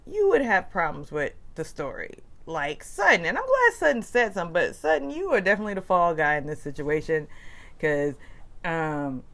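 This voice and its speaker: A woman recaps reality TV in a casual, gossipy voice. Her pitch swings up and down animatedly, and she talks in chatty, quick-changing bursts. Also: sing-song, fairly bright tone. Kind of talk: casual commentary.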